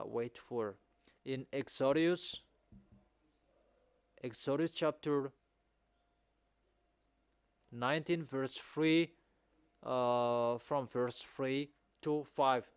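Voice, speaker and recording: A man preaching a sermon in non-native English, repeating his points with emphasis and rising to loud exhortation. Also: mid-range voice, extremely slow, long pauses, smooth, no echo.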